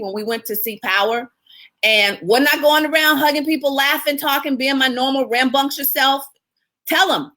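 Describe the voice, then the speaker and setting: A woman with a slightly high voice hosts a casual live stream. She talks with a lively, expressive manner, laughs easily and chats with her viewers as she coaches them. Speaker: publicist hosting a live video.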